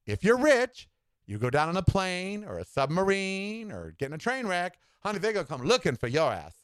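With huge pitch swings and a clear, resonant voice, a man hosts his own podcast at a moderate pace, delivering an opinionated, sassy monologue with campy asides and dramatic changes in tempo. There's no echo.

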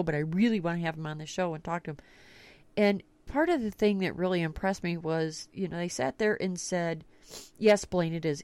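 A woman's voice: fairly low pitch, a little mellow, dry recording. A woman hosting a talk radio podcast, telling stories in a casual, blunt way and swearing freely. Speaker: podcast host.

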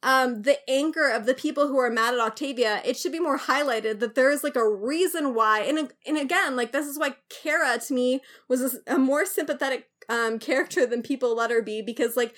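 High-pitched woman ranting on a podcast, lots of ums and likes. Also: fairly quick, hardly any pauses. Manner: animated, ranting with many fillers. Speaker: podcast co-host. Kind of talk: casual chat.

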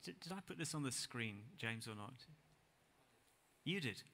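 Male preacher, bright, forceful tone, casual and self-deprecating, swings between emphatic and hushed delivery. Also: medium pitch, lively intonation, moderate pace. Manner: conversational, self-deprecating, builds to emphatic peaks then drops quiet. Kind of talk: sermon. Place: church hall with congregation.

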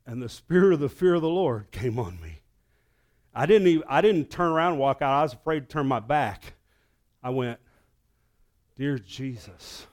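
A man preaching as pastor of his church, telling a story, dropping to a hush and then rising to loud, excited peaks. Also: medium pitch. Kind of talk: sermon. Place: church sanctuary.

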